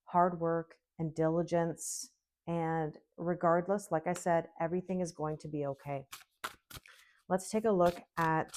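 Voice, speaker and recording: A middle-aged woman with a lowish, darkish voice gives a casual tarot reading. She's chatty and reassuring, checking in with the listener often with "okay?" and "right?"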